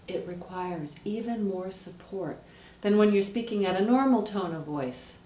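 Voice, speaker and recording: A woman, a vocal coach, explaining how to speak healthily in a lively, direct teaching manner. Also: lowish voice, unhurried. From United States. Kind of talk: instructional explanation with voice demonstrations. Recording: roomy, distant mic, faint noise.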